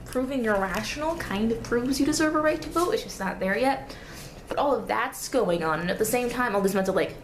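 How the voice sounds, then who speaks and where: A woman's voice: on the high side, expressive, brisk, roomy sound, a little hiss or hum. A young woman vlogging at home, rambling casually about her studies and cooing baby talk to a toddler. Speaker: vlogger and student babysitter. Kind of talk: casual vlog chat. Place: home, indoors. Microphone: camera on a table.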